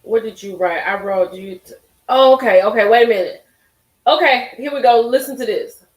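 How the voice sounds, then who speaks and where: A woman's voice: fairly high pitch, moderate pace. A woman hosting a casual live stream, reacting expressively and talking straight to her chat. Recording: roomy echo.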